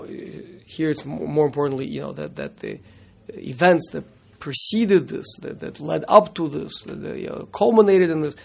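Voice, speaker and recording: Torah teacher, man, gravelly and slightly high voice, halting delivery with Hebrew phrases. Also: a little mellow. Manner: halting, repeats words, mixes in Hebrew terms. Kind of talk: classroom Torah lesson.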